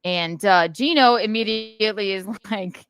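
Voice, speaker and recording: A woman's voice: mid-range voice, a little slow, a bit bright, clear, resonant tone, dry recording. A woman on a podcast, casually telling a story with laughter and quoted dialogue.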